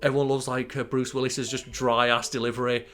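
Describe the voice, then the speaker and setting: A man's voice: medium pitch, level tone, brisk, fairly bright tone, faint music behind. A man co-hosting a podcast, chatting casually about films in a blunt, opinionated and sweary way. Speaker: podcast co-host. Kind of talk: casual film chat.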